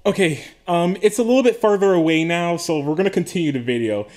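High, lively-voiced excitable man. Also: quick pace. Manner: excitable, giggly, rambling with frequent laughs and yelps. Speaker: video creator. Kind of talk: casual comedic monologue. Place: attic room.

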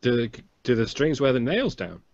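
A man's voice: mid-range voice, very animated, normal speed, darkish tone. A man chatting on a podcast, hesitant and rambling with filler words. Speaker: podcast guest. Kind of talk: casual group chat. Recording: dull lo-fi audio.

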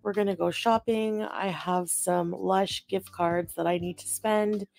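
A woman's voice: lowish voice, steady tone, unhurried, creaky, a little mellow, no room sound, soft background music. A woman talking to camera in an upbeat, chirpy vlog style. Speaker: vlogger.

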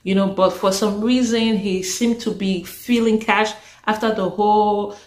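A woman's voice: mid-range voice, a little slow. Chatty woman reviewer in a roomy space. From Africa. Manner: chatty and expressive, exclaims and laughs often. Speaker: reality show reviewer. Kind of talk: casual recap vlog. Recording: roomy echo.

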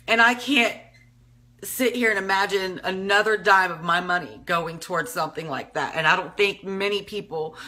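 Tearful, pleading woman with a bright voice. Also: medium pitch. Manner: emotional, pleading, repeats herself. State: tearful, crying at times. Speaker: speaker addressing the public. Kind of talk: impassioned personal appeal.

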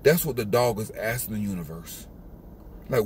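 A man's voice: on the low side, expressive, normal speed, slight background noise. A man giving an emphatic, repetitive motivational monologue in a casual street style. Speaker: motivational speaker.

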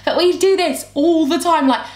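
Bubbly high-voiced woman vlogger. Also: moderate pace, a little mellow. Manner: bubbly, rambling, talks to herself and her camera. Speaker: beauty vlogger. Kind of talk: chatty makeup tutorial. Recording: roomy echo.

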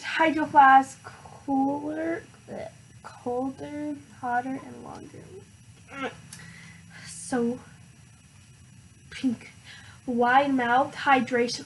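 A teenage girl vlogging an unboxing, hyper and excitable, with lots of filler words. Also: sits high, takes it slowly, pauses often, a little hiss or hum, rough recording. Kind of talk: casual unboxing vlog.

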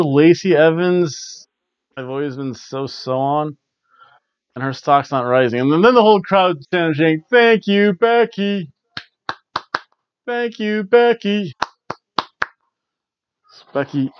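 A man's voice: fairly high pitch, dry recording, dull audio. A man hosting a casual wrestling review, rambling offhand with ums and restarts. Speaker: wrestling reviewer, show host. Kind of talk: casual spoken show recap. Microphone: camera recording at home.

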